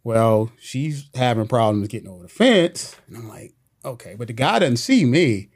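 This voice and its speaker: A man in a podcast studio, recounting a police chase in casual, animated storytelling. He drops slang and acts out what people said. His voice sits at a middle pitch. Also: normal speed. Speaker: police officer guest.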